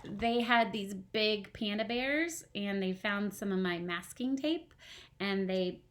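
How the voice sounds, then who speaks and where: A woman's voice: medium pitch, slow pace, fairly bright tone. A young woman, a first grade teacher at home, reading a storybook aloud and chatting with her class. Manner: chatty, asks the kids questions.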